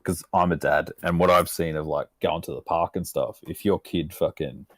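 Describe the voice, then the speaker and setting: A man's voice: low voice, fairly even intonation, normal speed, fairly bright tone, no echo. An Australian man telling a rambling story on a podcast, swearing constantly and laughing as he goes. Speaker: podcast co-host. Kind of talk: casual storytelling chat. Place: podcast recording room.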